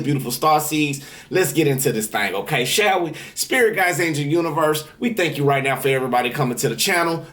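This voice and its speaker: A man giving a tarot reading, leading prayer and guided breathing in a preachy, repetitive way. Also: fairly high pitch. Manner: preachy, repetitive, calls out to viewers. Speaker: tarot reader. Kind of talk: spiritual reading with guided meditation.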